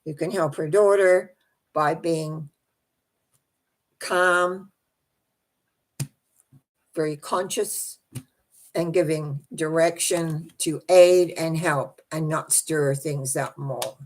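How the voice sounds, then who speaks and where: An older woman, a psychic host, reading out viewer comments on a live stream and musing aloud in a soft, halting way. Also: low-pitched, steady tone. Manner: soft-spoken, thinking aloud, frequent restarts.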